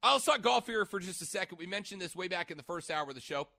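Bright-voiced guy hosting sports radio, kinda high, dry studio mic, rambly. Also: animated, fast talker, gravelly, no room sound. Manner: chatty, rambling, stops mid-sentence to check notes. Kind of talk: casual sports radio chat. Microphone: studio microphone.

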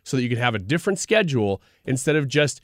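A man co-hosting a casual chat show, chatty and quick to laugh. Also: medium pitch, sing-song, dry recording, studio quality. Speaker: podcast co-host.

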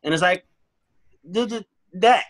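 Bright, earnest man telling it straight. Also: high voice, a little slow, a little hiss or hum. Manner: earnest, animated storytelling, acts out both sides of arguments. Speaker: guest. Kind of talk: candid interview talk.

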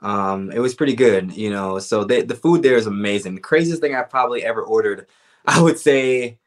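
A man's voice: on the low side, a little fast. A young man, a fighter guest, talking casually in an interview, laid back and rambling with lots of fillers.

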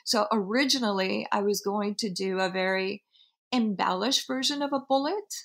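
Reflective Peruvian-born woman, slightly gravelly. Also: mid-range voice, a bit bright. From Peru. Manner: reflective, halting, with many restarts and fillers. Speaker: brand founder. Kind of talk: interview, telling her brand story.

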